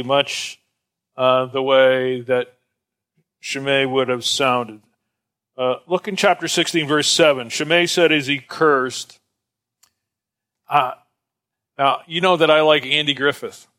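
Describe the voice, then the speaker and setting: A man leads an informal Bible study, wandering into asides as he goes. His voice is bright and on the higher side, and he talks in a loose, conversational way. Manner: conversational, digressive, many fillers.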